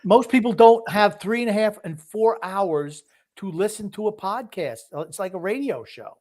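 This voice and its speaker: A man co-hosting a casual sports podcast, gruff and teasing with crude humor. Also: high-pitched, lively intonation, moderate pace, a little mellow. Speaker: podcast co-host.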